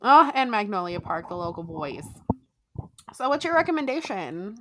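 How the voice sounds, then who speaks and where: A woman's voice: mid-range voice, normal speed, background noise. A young woman co-hosting a podcast, chatting casually, laughing often and swearing freely. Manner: giggly, swears freely, lively. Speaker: podcast co-host. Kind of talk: casual chat.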